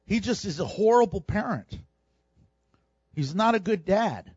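High, animated male preacher. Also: unhurried, slightly rough, dry recording, highs cut off. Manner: animated preaching, acts out quoted voices with humor. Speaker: pastor. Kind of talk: sermon.

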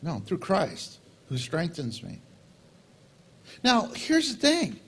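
Animated husky-voiced male preacher. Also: a little high, slow pace. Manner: animated preaching, acting out dialogue with God. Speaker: pastor. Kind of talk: sermon.

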